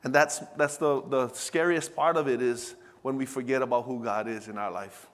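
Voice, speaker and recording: A man's voice: mid-range voice, fairly even intonation, normal speed. Man preaching in a reverberant hall. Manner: call-and-response preaching, swings from hushed to loud. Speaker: pastor. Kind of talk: sermon.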